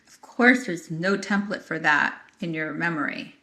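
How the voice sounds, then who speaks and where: Woman, podcast co-host, bright voice, expressive storyteller, laughs easily. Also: low-pitched, a little slow. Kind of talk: casual conversational chat.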